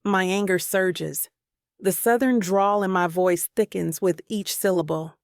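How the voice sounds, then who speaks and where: A woman narrating a romance audiobook in the first person, telling it in a slow, deliberate way. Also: lowish voice, steady tone, dry recording, clean studio sound.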